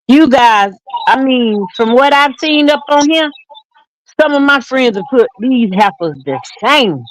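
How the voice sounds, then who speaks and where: A woman's voice: fairly high pitch, no room sound, poor audio. Seventy-something woman, toothless, dry close sound, salty and joking. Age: 70s. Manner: salty, joking, laughs often. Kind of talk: casual chat.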